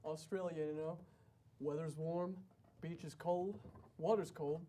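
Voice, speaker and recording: A man's voice: fairly high pitch, steady tone, measured pace, warm tone, slight background noise, natural voice. A man playing a boastful, oddball young shift manager who rambles nonsense. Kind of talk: comedy sketch acting.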